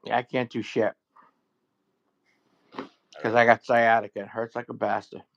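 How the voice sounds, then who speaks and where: A man's voice: medium pitch, little pitch movement, normal speed, vocal fry, a bit bright, highs cut off. A man chatting casually, blunt and swearing freely, mostly giving short replies. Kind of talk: casual chat.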